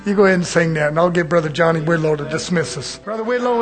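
A man preaching an evening sermon in a church, fervent, swinging between shouted lines and hushed asides. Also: high voice, fast talker, hardly any pauses, over music.

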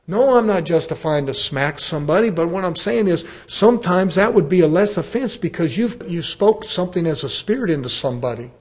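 Earnest preacher man, slightly high voice. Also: lively intonation, a little fast, few pauses. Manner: earnest preaching that addresses the congregation as brethren; conversational storytelling with acted-out dialogue. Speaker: pastor. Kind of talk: sermon.

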